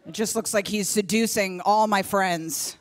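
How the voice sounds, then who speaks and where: A woman doing a stand-up comedy set on a late-night TV stage, telling stories in an animated, exasperated way. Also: medium pitch, unhurried, some chatter behind.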